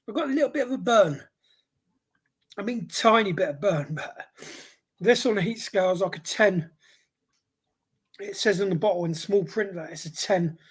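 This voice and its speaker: A man's voice: high voice, husky. A man hosting a livestream hot sauce test who has a head cold and a runny nose, exclaiming and reacting aloud as the spice hits. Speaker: hot sauce reviewer and host.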